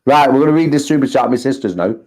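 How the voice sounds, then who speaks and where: British bloke hosting a livestream, jokey banter, repeats himself a lot, middle-pitched voice. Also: male voice, lively intonation, a little mellow. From United Kingdom. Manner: banter-heavy, repeats himself, quick joking asides. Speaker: arm wrestling promoter and show host. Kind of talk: casual livestream chat.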